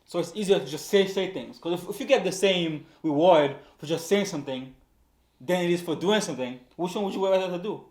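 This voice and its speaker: Podcast dude thinking out loud, keeps repeating himself, kinda echoey room. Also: male voice, high-pitched, a little fast. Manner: stammers and repeats words while reasoning aloud. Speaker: podcast co-host. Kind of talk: casual chat.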